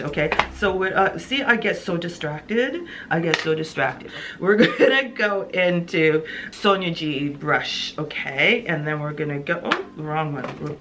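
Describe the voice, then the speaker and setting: A woman's voice: lowish voice, noisy background. A woman beauty vlogger chatting while doing her makeup, telling a story with lots of laughter and acted-out quotes. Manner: animated, laughing, acts out voices in her story. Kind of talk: chatty get-ready-with-me storytelling.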